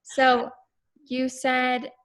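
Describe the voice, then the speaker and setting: A woman's voice: high-pitched, monotone, drawn-out words, a bit bright. A woman, a voice student, chatting casually and searching for words as she talks. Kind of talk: casual chat.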